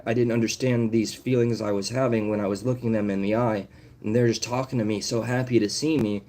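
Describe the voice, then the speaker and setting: A man's voice: medium pitch, warm tone. Profane ranting man on a live stream. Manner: profane, confrontational, calls out viewers by name. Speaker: livestreamer.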